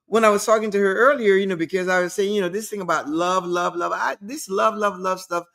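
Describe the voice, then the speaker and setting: Woman talk show host, mid-pitched voice, preachy motivational monologue, keeps repeating herself. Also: steady tone, brisk, a bit bright. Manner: emphatic, repeats key phrases.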